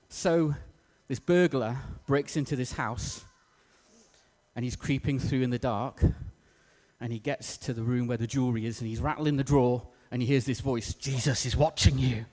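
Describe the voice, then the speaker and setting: Man, pastor; easygoing, self-mocking sermon delivery; mid-pitched, reverberant church hall. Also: normal speed, darkish tone. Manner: casual, self-deprecating, with fillers. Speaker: preacher.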